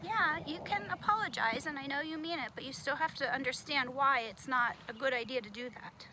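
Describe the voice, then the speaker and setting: A woman teacher leading a children's puppet lesson, patient and gently explaining. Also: sits high, a little fast, background noise.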